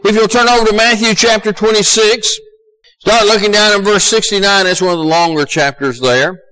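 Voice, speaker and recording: A man's voice: fairly quick, clean tone, poor audio. Southern man preaching a folksy sermon. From American South. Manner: folksy, conversational preaching that rises to loud high emphasis.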